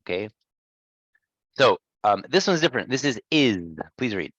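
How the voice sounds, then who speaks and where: A man teaching pronunciation one-on-one, patiently modelling words and gently correcting his student. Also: mid-range voice, very animated, normal speed, no echo, dull audio. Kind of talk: one-on-one lesson.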